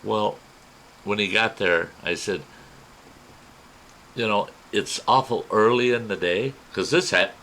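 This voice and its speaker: A man with a fairly low voice recounts a personal adventure in a folksy, animated way, slipping into the voices of the people he quotes. A faint hiss of background ambience sits under his voice. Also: slow, long pauses, low-quality recording. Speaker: storyteller. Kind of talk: spoken personal story.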